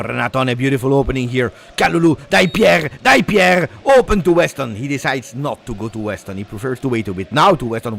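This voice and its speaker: A man hosting a live football watch-along, chatting with viewers and reacting to the match, whose voice swings from low asides to loud cheering. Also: gravelly. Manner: excitable, switches from low asides to shouting celebration.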